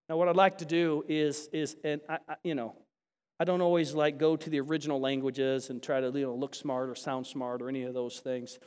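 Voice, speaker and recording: A man preaching a sermon to a congregation, chatty with restarts and then rising to animated, emphatic bursts. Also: a little high, clear, resonant tone. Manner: chatty asides, frequent restarts. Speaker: pastor. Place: large church sanctuary. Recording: long hall reverb.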